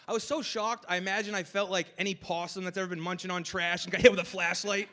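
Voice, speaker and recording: A young man doing a stand-up comedy set on a festival stage, with a loose, rambling delivery full of "like" and shouting over the crowd at times. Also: high voice, steady tone, quick pace, a little hiss or hum.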